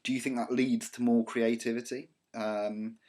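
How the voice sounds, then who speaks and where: This recorded slide lecture features a British media teacher at a college, his mid-range voice flat and a little mellow at a moderate pace. He has a southern English accent, digresses chattily with frequent ums and restarts, and coughs slightly.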